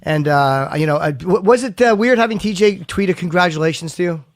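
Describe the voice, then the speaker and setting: A man hosting a radio show fires off quick, chatty questions. His voice sits a little high for a man. The studio sound is dry and close. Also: expressive, no room sound. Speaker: radio host. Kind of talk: casual radio interview.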